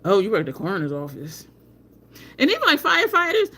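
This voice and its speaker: A woman's voice: medium pitch, huge pitch swings, fast, pushed and bright. A woman hosting a casual livestream at home, telling rambling stories, answering viewer comments and talking to the chat as "y'all". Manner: rambling storyteller, addresses chat as y'all, frequent laughs. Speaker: livestream host. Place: home, by an open balcony window. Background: faint street traffic.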